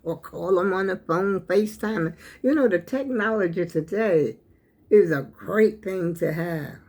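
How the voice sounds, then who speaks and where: A woman's voice: lowish voice, unhurried, darkish tone. An older woman, hosting her own channel and giving an emotional, preachy talk that speaks straight to her viewers. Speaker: channel host. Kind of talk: heartfelt talk to camera.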